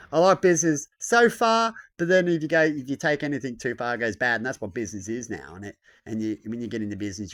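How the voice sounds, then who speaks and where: Here a medium-pitched man rants in a loose, meandering way, cursing a lot and loudly performing the voices of whoever he's quoting.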